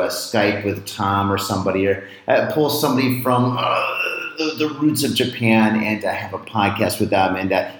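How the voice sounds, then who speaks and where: A male podcast host talks in a loose, rambling way, chuckling often and filling gaps with ums and uhs. His pitch sits mid-range, and the room around him is echoey. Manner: rambling, chuckling, lots of fillers. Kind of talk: casual podcast intro monologue. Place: indoors, away from home while traveling.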